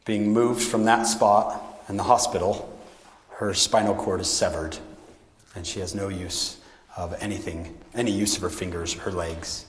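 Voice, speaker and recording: A man tells a story to a live crowd in a large high-ceilinged hall, and his voice carries a long reverb. He acts out the people he quotes with lively shifts, then sinks to a hushed, near-whispered delivery at the tense moments. His voice sits at an everyday mid pitch. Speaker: speaker telling stories to an audience. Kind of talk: motivational talk to a live audience.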